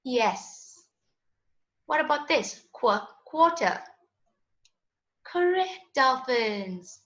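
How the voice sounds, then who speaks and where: A woman's voice: a little high, expressive, slow pace, bright, forceful tone. A woman teaching a children's phonics lesson in a patient, sing-song voice. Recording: echoey, dull lo-fi room sound.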